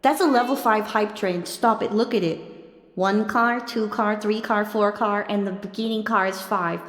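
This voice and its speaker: A woman streamer chats casually on a live stream through a boom mic, playful and teasing, often laughing and slipping into sing-song bits and shouty squeals. Her intonation stays fairly even and her pace is moderate.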